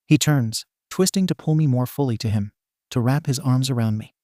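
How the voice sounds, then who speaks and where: A man narrating a fan fiction story aloud in a steady reading voice. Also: mid-range voice, moderate pace, no room sound, studio quality.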